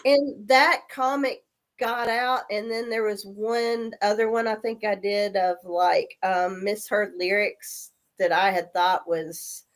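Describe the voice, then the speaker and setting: Woman in her 40s w a cold, chatty storytelling, does little voices, mid-pitched. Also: slow pace. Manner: animated, acts out voices in her anecdotes. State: coming down with a cold. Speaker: guest. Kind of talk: casual storytelling.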